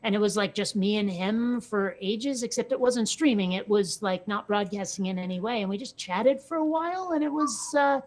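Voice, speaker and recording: A woman's voice: medium pitch, moderate pace, hardly any pauses. A woman co-hosting a casual chat with a wry, joking manner. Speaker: co-host.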